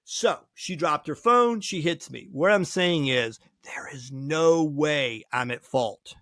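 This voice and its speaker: A man who is a lawyer, hosting a casual talk show and telling folksy, animated stories on a close mic. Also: on the high side, slow pace, dry recording. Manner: folksy, animated anecdotes with acted quotes. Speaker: lawyer and podcast host.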